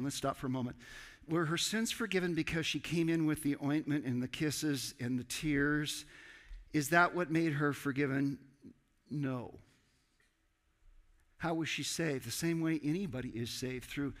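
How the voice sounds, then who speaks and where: A man preaching a sermon as pastor, animated and acting out dialogue with sudden loud outbursts. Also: fairly high pitch, moderate pace. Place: church sanctuary. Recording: church hall with long reverb.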